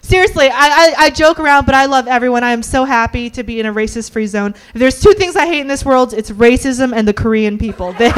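Young woman doing stand-up into a handheld mic, high voice, punchy teasing delivery, keeps asking the crowd "right?". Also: animated, fairly quick, background noise. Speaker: stand-up comedian. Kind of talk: stand-up comedy set. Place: comedy club stage.

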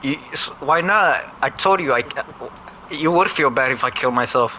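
A man's voice: medium pitch, animated, normal speed, sharp tone, a little hiss or hum. A young man gaming over a headset, teasing another player with childish name-calling. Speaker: gamer. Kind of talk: trash-talking game chat.

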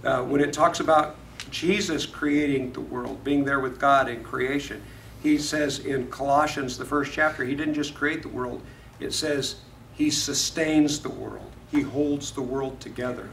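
A man's voice: medium pitch, fairly even intonation, a little slow, creaky, fairly bright tone, slight background noise. A man from Florida teaching a Bible study lesson in a conversational way, often asking the class questions. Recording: echoey room, mic far off.

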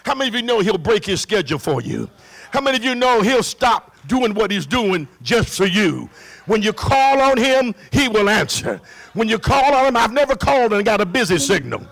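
High gravelly preaching man. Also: sing-song, normal speed. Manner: preaching, rising to shouts and singsong. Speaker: pastor. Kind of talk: sermon. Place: church. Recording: live church recording.

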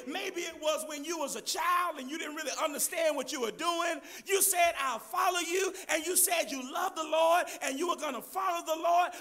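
A man preaching a sermon, loudly addressing the congregation as church, with a gravelly edge. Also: very high-pitched. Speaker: pastor.

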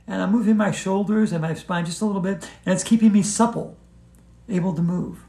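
A man with a high, gravelly voice walks you through a yoga routine in a whimsical, gently encouraging manner. He sounds like he is in a roomy space with a noticeable echo. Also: steady tone, brisk. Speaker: yoga instructor. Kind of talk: playful yoga tutorial. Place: hotel room.

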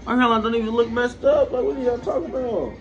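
A man's voice: extremely high pitch, fairly even intonation, fast talker, faint music behind. A young man, the boyfriend in a prank, talking casually in an indignant, repetitive, rambling way. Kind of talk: casual chat. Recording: dull lo-fi sound with clear background noise.

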